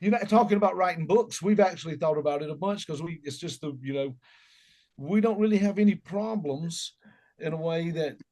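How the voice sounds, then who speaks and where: Folksy, joking stories come from a middle-aged musician with a Southern drawl during a casual interview. His voice is a little high and a bit mellow, and he talks slightly fast.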